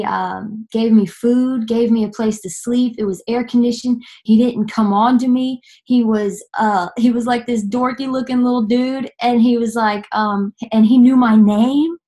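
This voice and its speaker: A young woman from Nashville, giving an earnest personal testimony that halts and restarts often. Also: mid-range voice. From Nashville, Tennessee. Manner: earnest, halting, many fillers and restarts.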